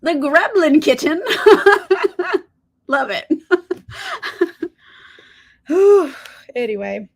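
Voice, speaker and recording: A woman with a high voice hosts a live reading stream and chats easily with her viewers. She laughs often and talks loosely, with an occasional swear. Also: very animated, very slow, pauses often. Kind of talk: casual chat to live viewers.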